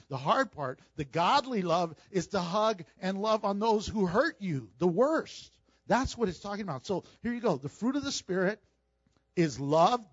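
A male pastor giving a conversational, emphatic sermon with quick asides to the congregation. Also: sits high, no echo, lo-fi sound.

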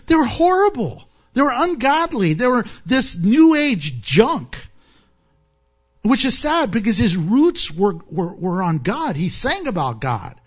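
A man preaching a sermon, animated and joking, often laughing at his own asides. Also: high-pitched. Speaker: pastor.

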